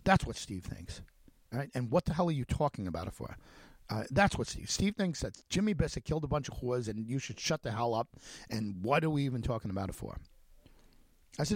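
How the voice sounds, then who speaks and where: A radio host telling a story in a monologue, speaking animatedly with many restarts and acting out the quoted conversations. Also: male voice, mid-range voice, animated, brisk, dry recording. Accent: Long Island.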